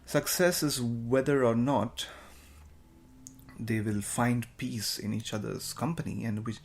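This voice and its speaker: A man runs his podcast alone, speaking a little slowly in a steady, mid-range voice. His casual monologue wanders and chats along, with plenty of self-mockery.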